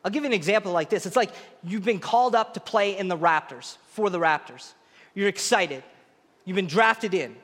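A man's voice: sits high, expressive, moderate pace, a bit bright, in a large hall. A male pastor preaching a sermon in an earnest, emphatic way that leans on repetition.

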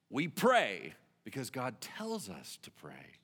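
A man preaching a sermon, telling the story in an animated way and acting out the dialogue. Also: on the high side, unhurried, hardly any pauses, slightly rough, long reverb tail. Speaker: pastor.

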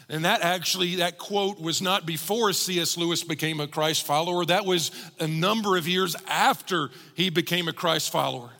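Gravelly-voiced preacher in a reverberant hall. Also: male voice, fairly high pitch, fairly even intonation, moderate pace, few pauses, pushed and bright. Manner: earnest, building to emphatic preaching. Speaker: pastor. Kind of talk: sermon.

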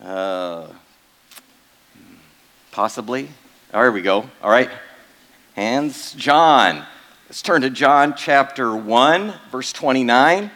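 A man's voice: medium pitch, expressive, slow pace, pauses often, fairly bright tone. A male pastor giving a sermon in a casual, joking way, full of fillers and asides to the congregation. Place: church.

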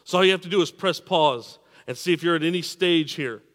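A man preaching a sermon, repeating and restarting words, swinging between emphatic peaks and quiet drops. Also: a little high, a little fast, big-room sound. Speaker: pastor.

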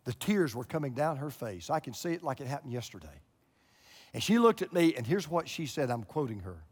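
A pastor in his sixties preaching a sermon to a church, swinging from loud exclamations to hushed low tones. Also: big pitch swings, a little fast, breathy edge. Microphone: broadcast camera recording. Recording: long hall reverb.

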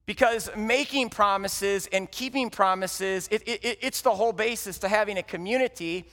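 A man with a high voice preaches in a church sanctuary. He tells the story dramatically, rising loud and dropping to a hush. His voice trails off in a long hall reverb. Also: moderate pace. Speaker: pastor. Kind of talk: sermon.

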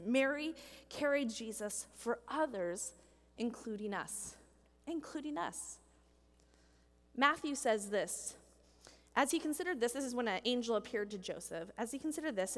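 A high, animated woman preaches in a church hall, and the long hall reverb trails her words. She acts out the people in the story as she goes, and her pitch climbs and falls widely. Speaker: pastor. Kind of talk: sermon.

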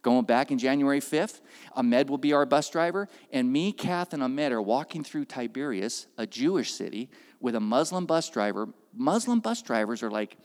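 Male preacher, fairly high voice, animated storyteller, long hall reverb. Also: moderate pace. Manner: animated, acts out quoted voices, swings from loud to hushed. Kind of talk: sermon storytelling.

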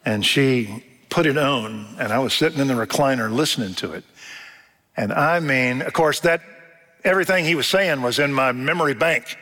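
With a medium-pitched, sharp-toned voice at a moderate pace, an older man delivers a sermon as pastor in a church sanctuary. His storytelling is folksy, acting out people's quotes, and the hall's long reverb fills the recording.

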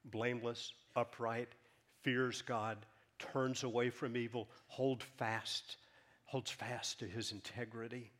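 A man preaching a sermon, reading scripture aloud with rising emphasis and dropping softer when he explains. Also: medium pitch, little pitch movement. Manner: reads scripture aloud with rising emphasis, then drops soft; earnest, measured teaching. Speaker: pastor.

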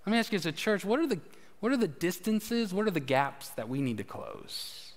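A man's voice: high-pitched, sing-song, brisk, long reverb tail. A man, a pastor preaching a conversational sermon with humorous stories. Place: church sanctuary.

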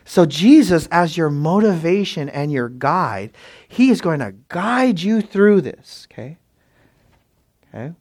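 Man, pastor, sermon, fairly high voice, close dry sound, loud outbursts and quiet asides. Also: slow, dry recording. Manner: animated preaching, swinging from loud exclamations to hushed asides.

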